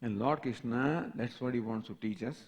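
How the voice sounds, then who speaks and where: A man's voice: medium pitch, creaky. An older man, a spiritual teacher, giving a scripture class lecture, reciting verses and asking repeated questions. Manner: slow, repetitive questioning, reciting Sanskrit verses.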